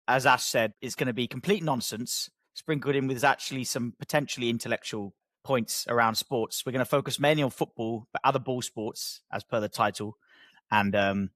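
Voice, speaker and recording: A man trading jokes in a casual podcast chat and laughing often. His voice sits at an ordinary pitch and comes across dry and close on the mic. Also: moderate pace, fairly bright tone, no room sound. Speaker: podcast co-host.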